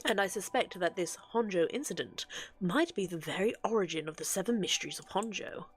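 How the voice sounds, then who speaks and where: A woman reading game dialogue aloud for an earnest, scholarly male occult researcher, with a measured, explanatory delivery. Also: lowish voice, lively intonation, slightly rough, soft background music.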